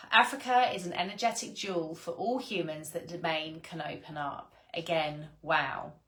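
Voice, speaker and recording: A woman's voice: lowish voice, fairly bright tone, roomy sound. A woman reading her own spiritual book aloud in an earnest, gushing way, stopping for sighs and exclamations. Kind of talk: read-along of a spiritual book with personal asides.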